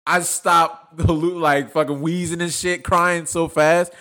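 Man, slightly high voice, animated and profane podcast storyteller. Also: a little slow. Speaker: podcast host. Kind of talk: casual podcast discussion.

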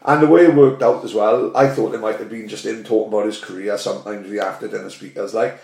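A man's voice: lowish voice, fairly even intonation, fast, gravelly, darkish tone. A man hosting a casual chat in a loose, swearing style, tagging his remarks with "innit.". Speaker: host. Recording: roomy echo.

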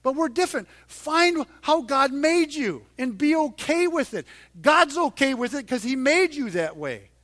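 A middle-aged man preaching a sermon in a conversational way, dropping to a hush and then rising loud and emphatic. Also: very high voice, sing-song, measured pace, no echo. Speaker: pastor.

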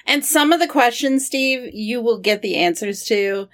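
A woman's voice: on the high side, animated, a little slow, fairly bright tone. Female podcast co-host, friendly, reads listener comments and reacts.

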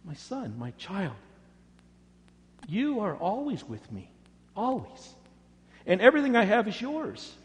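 A man voicing a loving father who speaks softly and tenderly, in a reverberant hall. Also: extremely high pitch, lively intonation, normal speed, voice pushed up. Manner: soft, tender pleading. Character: loving old father pleading gently.

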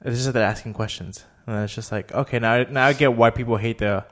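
A man's voice: medium pitch, steady tone, quick pace, a bit bright. A man with a South Texas Valley accent in casual chat, hesitant and restarting but opinionated. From Rio Grande Valley, Texas.

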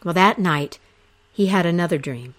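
A woman narrating an ancient myth aloud in a slow, expressive storytelling manner. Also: on the low side.

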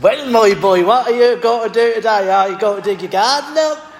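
A man's voice: sits high, a little fast. A man in a church putting on a friendly rustic Norfolk farmer in broad dialect. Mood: hearty. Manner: broad rural dialect put on for fun. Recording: echoey church, loud background noise.

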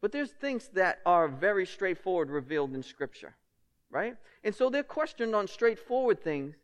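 A man's voice: high-pitched, sing-song, normal speed. Emphatic preaching pastor, a man. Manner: conversational and emphatic, asks the congregation rhetorical questions. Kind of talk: sermon.

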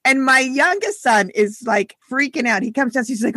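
A woman's voice: high voice, lively intonation, brisk, hardly any pauses, fairly bright tone, husky, no echo, studio quality. A woman in her forties, co-hosting a podcast and chatting casually, telling stories with lots of laughter. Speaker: podcast co-host. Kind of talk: casual chat.

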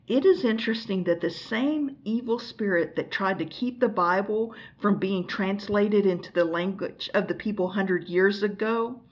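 Earnest woman preaching, lo-fi recording. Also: medium pitch. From United States. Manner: earnest, exhorting, asks the listener pointed questions. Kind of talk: recorded teaching sermon.

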